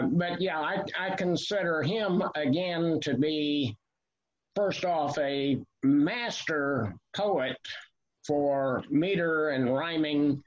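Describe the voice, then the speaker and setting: A man in his seventies, with a voice a little higher than most men's, talks through his memories in a measured way, pausing often on "uh". The recording sounds dull and lo-fi. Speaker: author guest. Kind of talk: casual interview chat. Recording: lo-fi, muffled sound.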